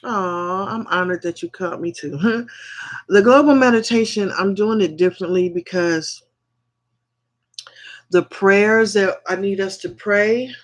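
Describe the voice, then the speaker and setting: A man hosting a spiritual livestream who leads viewers through slow, repetitive affirmations and greets them affectionately. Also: high-pitched. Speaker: livestream host.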